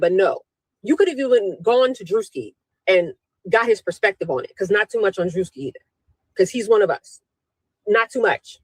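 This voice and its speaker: A woman's voice: medium pitch, breathy edge, no echo, rough recording. Emphatic woman repeating her point, dry sound. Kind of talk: opinionated commentary.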